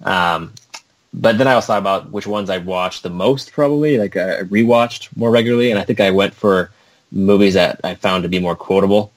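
Young man, very low voice, rambling casual chat, self-mocking. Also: fairly even intonation, a little fast.

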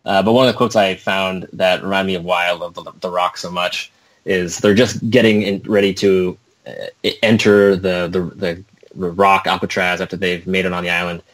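A man's voice: low voice, level tone, normal speed, fairly bright tone. A young adult man chatting casually, rambling and self-mocking. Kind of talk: casual chat.

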